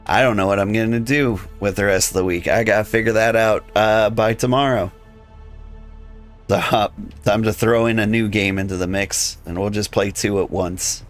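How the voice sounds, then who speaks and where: A man's voice: lowish voice, moderate pace, soft background music. A man chatting casually and rambling while streaming a game, his voice tired and wearing thin, with lots of filler words. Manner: rambling, relaxed, many "like" fillers. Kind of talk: casual live-stream chat while playing.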